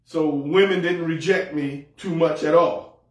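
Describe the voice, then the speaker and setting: High-voiced preacher in an echoey church. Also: male voice, steady tone, unhurried. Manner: humorous, folksy, repeats words. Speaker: pastor. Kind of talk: preaching a sermon. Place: church sanctuary. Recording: echoey hall, mic far off.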